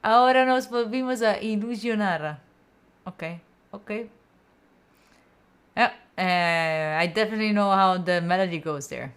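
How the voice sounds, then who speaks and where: A young adult from Italy hosts a study stream, reading comments and chatting back playfully with viewers, giggling between work sessions. Her Italian-accented voice is medium-pitched and smooth, at a moderate pace with long pauses.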